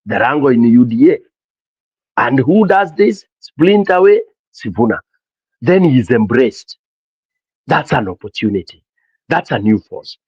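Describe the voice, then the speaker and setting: A man with a Kenyan accent hosting a casual call-in talk show, animated and mixing English with Swahili. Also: mid-range voice, measured pace, long pauses, breathy edge, dry recording, lo-fi sound. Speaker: host of a call-in political show. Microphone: streaming mic.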